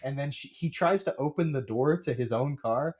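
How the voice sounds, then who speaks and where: Animated man recapping a movie. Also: mid-range voice, moderate pace. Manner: animated, acts out characters' lines while retelling. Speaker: podcast host. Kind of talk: casual movie recap chat.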